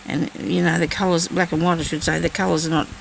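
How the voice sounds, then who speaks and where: A woman's voice: on the low side, level tone, fast, gravelly, slight background noise, rough recording. A woman chatting casually while she crafts, thinking aloud and talking to herself as she works. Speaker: crafting vlogger.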